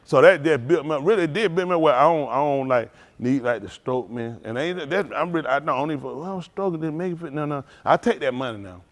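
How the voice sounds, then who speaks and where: A male pastor giving an informal, animated testimony sermon at a service, talking straight to the congregation and laughing often. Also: mid-range voice, quick pace, hardly any pauses. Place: synagogue service.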